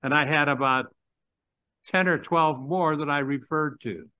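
A man's voice: fairly high pitch, unhurried, pushed and bright, clear, resonant tone, no room sound. An older male pastor giving a conversational sermon, rambling with restarts and small chuckles.

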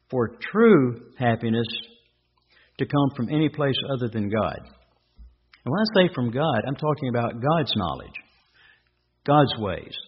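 A man's voice: medium pitch, lo-fi sound, slight background noise. A man preaching a sermon, asking rhetorical questions and repeating his points for emphasis.

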